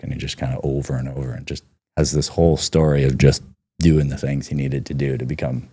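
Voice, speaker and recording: A man in his thirties, a podcast guest, telling personal stories in a casual, animated way and acting out the quotes. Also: very deep voice, a little fast, husky. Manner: animated storyteller, acts out quotes. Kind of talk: casual storytelling.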